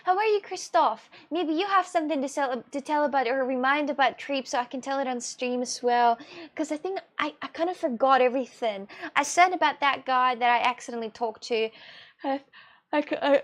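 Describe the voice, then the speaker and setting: A woman's voice: high-pitched, a little fast. A young Russian woman with a Russian accent, chatting casually with viewers on her live stream, rambling and laughing often. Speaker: livestreamer.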